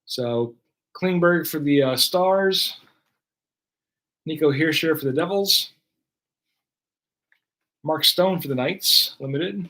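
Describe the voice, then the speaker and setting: A man's voice: on the high side, takes it slowly, pauses often, bright, forceful tone. Chatty man calling out trading cards. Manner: chatty, running play-by-play of cards. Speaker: card break host. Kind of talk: casual live-stream commentary.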